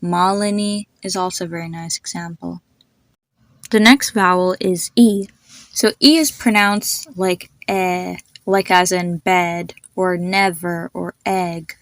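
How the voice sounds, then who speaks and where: A woman hosting a pronunciation lesson, demonstrating sounds slowly and repeating them for the listener. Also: on the low side, steady tone, dry recording. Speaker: host teaching pronunciation.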